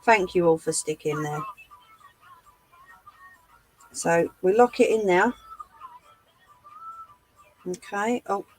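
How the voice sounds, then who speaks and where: A woman hosting a live sewing tutorial, chatting to her viewers as she works, her voice going a little hoarse. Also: lowish voice, expressive, takes it slowly, pauses often, darkish tone, faint music behind, low-quality recording. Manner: chatty, talks to live chat while demonstrating. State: losing her voice. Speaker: craft livestream host.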